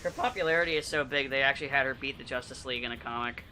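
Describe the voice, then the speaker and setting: A man's voice: mid-range voice, very fast, pushed and bright, slight background noise, low-quality recording. A man making dry, sardonic remarks in casual gaming chat. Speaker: co-host.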